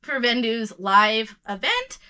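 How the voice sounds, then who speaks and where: An American woman excitedly recapping her resale sales to viewers, chatty and addressing them as friends, her voice a bit worn from talking. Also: fairly high pitch, slow. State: losing her voice. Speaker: reseller vlogger. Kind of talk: casual haul recap to camera.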